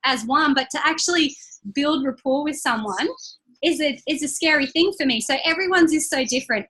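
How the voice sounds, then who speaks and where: Bright-voiced, chatty young woman. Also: high voice, poor audio. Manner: chatty, upbeat, acts out quotes in lively voices. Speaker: network marketing team leader. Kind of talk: motivational training talk. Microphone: call recording.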